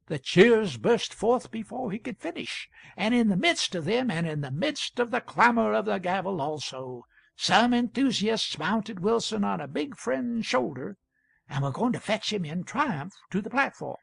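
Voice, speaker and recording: A man narrating an audiobook in a measured storytelling manner. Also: high voice, sing-song, gravelly, husky, dry recording, clean studio sound. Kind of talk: audiobook reading.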